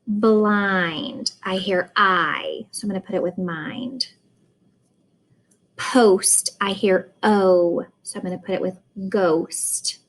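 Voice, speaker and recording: A woman teaching a phonics word sort, slowly sounding out vowels and explaining where each word goes. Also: mid-range voice, fairly even intonation, poor audio. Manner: slow, deliberate, sounds out vowels. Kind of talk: phonics lesson.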